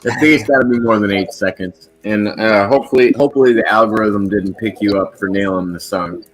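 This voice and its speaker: Low-voiced male host, casual stream banter over a call, jokey, laughs a lot. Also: a little fast, a little hiss or hum. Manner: joking, laughs often, restarts phrases. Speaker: podcast host. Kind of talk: casual livestream chat.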